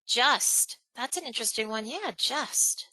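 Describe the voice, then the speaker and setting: A woman presenting a live webinar on speaking skills, animated and chatty, acting out examples. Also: a little slow, dry recording, low-quality recording. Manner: animated, acts out examples in a higher voice, laughs between points. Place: online webinar, home or office.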